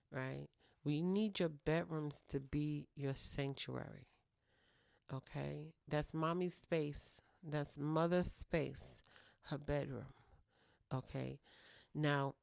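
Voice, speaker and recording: Gravelly-voiced woman giving playful advice. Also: low voice, no echo, clean studio sound. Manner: playful, teasing, clowning, with direct address. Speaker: podcast host. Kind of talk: casual advice talk to single mothers.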